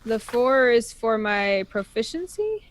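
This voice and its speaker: A woman's voice: on the high side, very animated, takes it slowly, crowd noise. A woman playing a tabletop game, speaking hesitantly and asking questions as she goes. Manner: hesitant, asks questions, trails off. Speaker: player.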